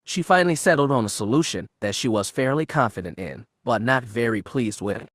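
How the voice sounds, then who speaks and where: A man's voice: medium pitch, lively intonation, brisk, a bit bright, dry recording. Man narrating an audiobook, dry sound. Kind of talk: scripted narration.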